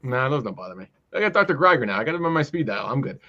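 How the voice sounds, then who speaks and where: A man's voice: mid-range voice, very animated, rapid-fire, muffled recording. A man co-hosting a casual fantasy football podcast, teasing and quizzing the others. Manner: teasing, asks others questions. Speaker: podcast co-host.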